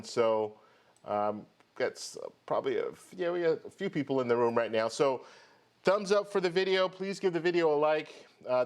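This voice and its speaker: A man hosting a live stream about travel rewards, talking casually and greeting viewers one by one. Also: medium pitch. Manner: chatty, greets viewers by name. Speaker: host of a travel credit card channel.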